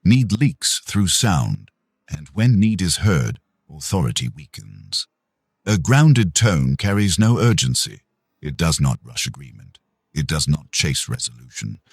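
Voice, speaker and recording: A man reading a self-help audiobook in a slow, measured, calm scripted narration. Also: extremely low pitch, husky, dry recording.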